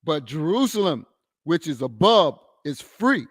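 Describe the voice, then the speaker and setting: A man reads scripture aloud with slow, measured care, his pitch rising and falling in a lively way. The sound is dry and close. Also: slightly rough, no echo. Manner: slow, deliberate reading with short affirmations. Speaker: scripture reader.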